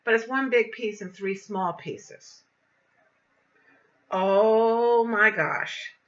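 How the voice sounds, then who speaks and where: An older woman telling a story in a casual vlog, animated and indignant as she recounts events. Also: fairly high pitch, extremely slow, dull audio. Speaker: vlogger.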